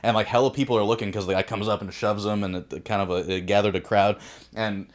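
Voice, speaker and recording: Laid-back low-voiced man telling a story. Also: fairly even intonation, quick pace. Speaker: podcast co-host. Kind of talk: casual storytelling chat.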